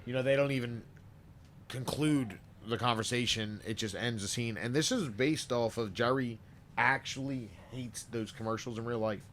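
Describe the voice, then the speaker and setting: A man's voice: mid-range voice, normal speed, fairly bright tone, slight background noise. A man casually recapping a sitcom episode, rambling and swearing as he jumps between story and jokes.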